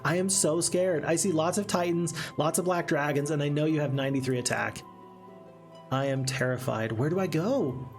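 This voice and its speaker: A man with a somewhat high voice gives animated, casual commentary on his game, thinking out loud and answering chat as he plays. Soft game music sits quietly behind him. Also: normal speed. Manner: chatty, animated, reads chat aloud. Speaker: gaming streamer. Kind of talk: casual let's-play commentary.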